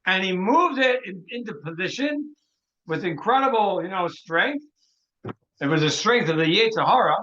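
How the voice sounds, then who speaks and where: A man, a rabbi, teaching a Torah workshop through an animated story, often restarting phrases and dropping in Hebrew terms. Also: sits high, normal speed, highs cut off, slight background noise.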